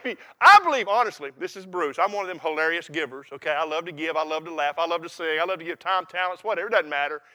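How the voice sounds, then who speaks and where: An older man preaching a sermon in a folksy, emphatic way, swinging between quiet reflection and loud, laughing energy. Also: on the high side, fast talker, few pauses.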